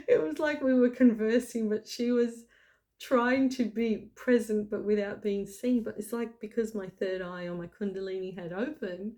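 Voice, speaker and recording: A woman's voice: medium pitch, fairly even intonation, moderate pace, dark tone. A middle-aged woman telling a personal story in a casual, chatty way, full of "like" and "you know". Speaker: spiritual channel host.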